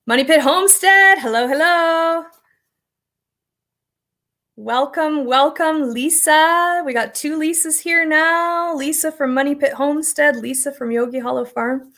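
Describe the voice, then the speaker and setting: A woman's voice: sits high, a little slow, sharp tone. A middle-aged American woman hosting a casual homestead livestream, chatting rambly and reading viewer comments with frequent laughs.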